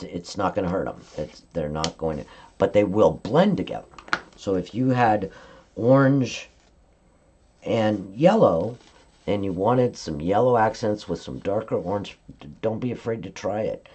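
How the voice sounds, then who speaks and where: Brief: woman craft demonstrator, low warm voice, chatty step-by-step coaching on a live stream. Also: animated, measured pace, slightly rough. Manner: chatty step-by-step instruction, frequent "okay?" check-ins. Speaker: card-making demonstrator.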